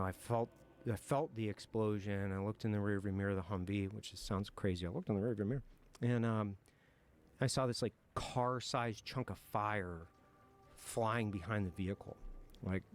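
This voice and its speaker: A military veteran telling war stories in an interview, frank and profane, reflective at times and breaking into nervous laughter. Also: male voice, on the low side. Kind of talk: candid war storytelling in a podcast interview.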